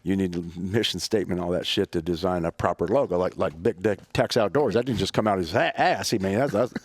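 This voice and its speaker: Middle-aged man, very low voice, profane and rambling, with a tight, dry sound. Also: fast, dry recording. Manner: profane, rambling, laughs often. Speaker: guest, firearms trainer. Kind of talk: casual storytelling chat. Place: event venue interview.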